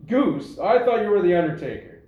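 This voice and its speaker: A man playing a gruff, suspicious lawman in a play read-through, blunt and demanding. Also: high-pitched, lively intonation, a little fast. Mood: stern. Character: gruff, suspicious male lawman searching for liquor. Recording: roomy, muffled recording.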